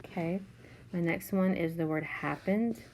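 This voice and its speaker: A woman teaching a third grade class, slowly and patiently sounding out letters and words. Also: on the low side, a little mellow, a little hiss or hum, rough recording. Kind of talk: remote spelling lesson.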